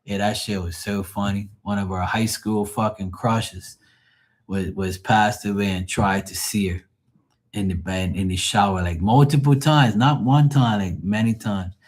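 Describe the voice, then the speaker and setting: A man's voice: fairly low pitch, steady tone, unhurried. A man hosting a late-night live tarot stream, telling stories in a rambling, profane way and laughing at them. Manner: laughs often at his own stories. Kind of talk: late-night livestream storytelling.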